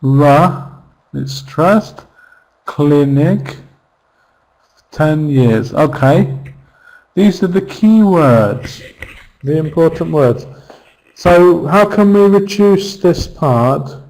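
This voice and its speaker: A male English teacher leads an online grammar class in a slightly high voice. He talks slowly and patiently, repeating example phrases and asking checking questions as he goes. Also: expressive, vocal fry, a little mellow, rough recording.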